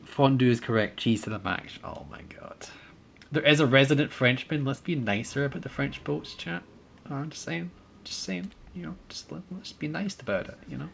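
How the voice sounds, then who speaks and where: A man talks through a naval battle game as he streams it, chatting with his viewers and laughing often. His pitch swings widely and his delivery is animated. A faint hum sits behind his voice. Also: moderate pace, gravelly. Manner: chatty, reads and thanks chat, laughs often. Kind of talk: casual gameplay commentary.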